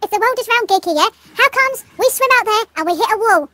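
A woman co-hosting a game playthrough with a very high, bright voice that races along. She delivers absurd jokes with a straight face, teasing her partner. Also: quick pace. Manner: teasing, silly deadpan jokes. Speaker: co-host gamer. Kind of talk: playful game commentary.

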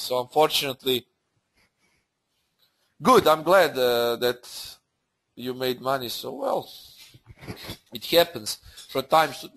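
A man hosting a live trading webinar, talking through charts in halting, unscripted full of fillers and restarts. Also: fairly high pitch, a bit bright. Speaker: forex trading webinar host.

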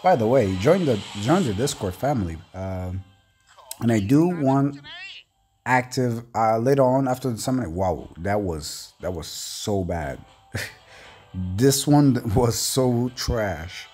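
A man doing casual commentary over gameplay as a gaming YouTuber, excitable and rambling, often stammering and restarting. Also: medium pitch, takes it slowly, breathy edge, faint music behind.

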